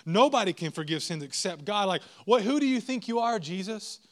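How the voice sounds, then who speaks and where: Scoffing, indignant religious elders, as a male preacher puts them on, fairly high voice. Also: lively intonation, a little fast. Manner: incredulous, scoffing questions.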